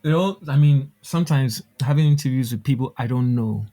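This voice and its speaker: A man's voice: medium pitch, fairly quick, dark tone. A man chatting as a guest musician on a podcast, laid-back and candid, laughing easily. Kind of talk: casual podcast chat.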